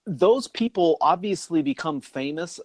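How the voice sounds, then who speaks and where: A man's voice: a little high, expressive, a little slow, darkish tone, no echo. A man co-hosting a podcast in casual chat, rambling and laughing often as he talks. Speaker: podcast co-host.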